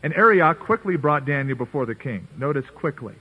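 A man preaching a sermon with a somewhat high, husky voice. He talks earnestly and conversationally, playfully acting out the people in the scripture. It comes through a tinny, phone-like radio broadcast. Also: expressive, brisk. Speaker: pastor.

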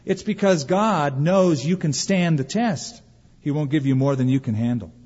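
A man delivers a sermon with emphasis, pausing and asking rhetorical questions. His voice sits a little high and sounds husky. It rings with a long reverb, as in a big church hall. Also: darkish tone, lo-fi sound. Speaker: pastor.

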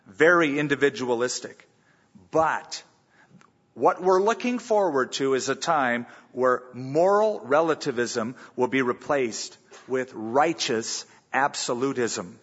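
A man preaching a sermon in earnest, reading scripture aloud and slowing down for emphasis. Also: medium pitch, fairly bright tone, in a large hall, lo-fi sound. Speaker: pastor.

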